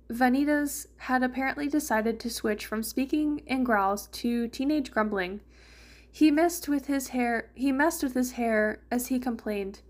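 A woman's voice: fairly high pitch, a little slow. A woman reading fan fiction aloud in a casual way, with a few small slips.

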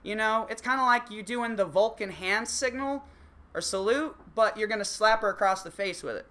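A man's voice: high voice, moderate pace, pushed and bright. A man delivering a profane, sarcastic comedic rant, swearing constantly. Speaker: comedic ranter.

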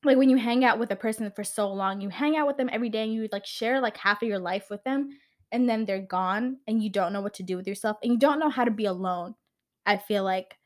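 A woman's voice: mid-range voice, fast talker, a little mellow. Rambling young woman podcaster. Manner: rambling, heavy "like" filler, swears casually. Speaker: podcast host. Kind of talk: unscripted solo podcast chat.

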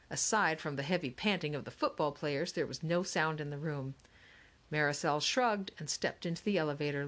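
A woman reading a children's novel aloud in a steady, clear way. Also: low-pitched. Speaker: audiobook narrator. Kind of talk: scripted narration of a children's novel.

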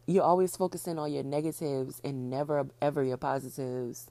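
A woman hosting her own podcast, talking fast and casually, repeating points for emphasis. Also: sits low, warm tone, no echo. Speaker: podcast host. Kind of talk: casual solo podcast talk.

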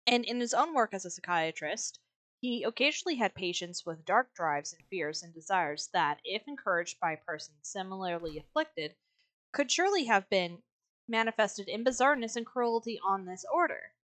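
A woman's voice: mid-range voice, lively intonation, normal speed, a bit bright, dry recording. A woman co-hosting a podcast, chatting casually and reading quotes aloud in a blunt, sarcastic way, swearing freely. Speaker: podcast co-host.

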